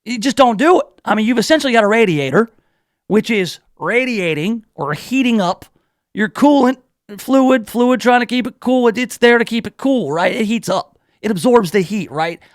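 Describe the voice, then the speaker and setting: Male talk radio host with a high pitch, dry close mic; rambling, self-deprecating storyteller. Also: animated, moderate pace, no echo. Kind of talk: casual talk radio monologue.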